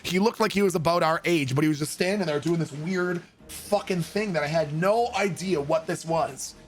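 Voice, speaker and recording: A man streaming a game, telling a long rambling story in a casual, profane, animated way. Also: on the high side, normal speed, soft background music.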